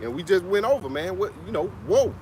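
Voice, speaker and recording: Outdoors in the Atlanta area, a man preaches on the street in a loose, conversational way, tacking "man" onto his sentences and chuckling at times. His voice sits high with a darkish tone, and he's very animated and fairly quick, with slight background noise behind him.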